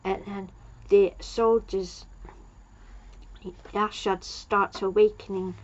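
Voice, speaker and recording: A woman's voice: medium pitch, steady tone, slow pace. Woman rambling thru an episode recap, lots of um and like, kinda dull lo-fi sound. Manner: rambling, loses her place, many fillers. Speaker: TV episode reviewer.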